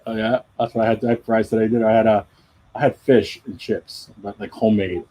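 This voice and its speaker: A man's voice: on the low side, fairly even intonation, fairly quick, mellow, poor audio. A middle-aged man chatting casually on a live drawing stream, rambling and self-deprecating. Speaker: comic artist hosting a live drawing stream. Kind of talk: casual chat.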